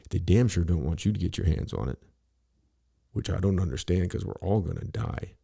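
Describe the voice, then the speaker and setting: Gravelly deep-voiced man, blunt and rambling. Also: lively intonation, a little fast, dark tone. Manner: rambling, blunt and profane, full of "you know". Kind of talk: casual podcast conversation.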